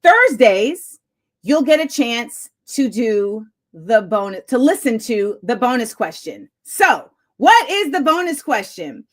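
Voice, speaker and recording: A woman hosting a live-streamed talk show, chatty and excitable and laughing often as she greets viewers. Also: fairly high pitch, slow. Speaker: host.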